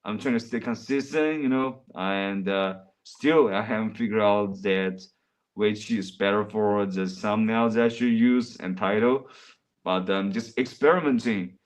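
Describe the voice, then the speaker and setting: A man's voice: on the low side, unhurried. A man livestreaming in casual, rambling chat, often calling his viewers bro.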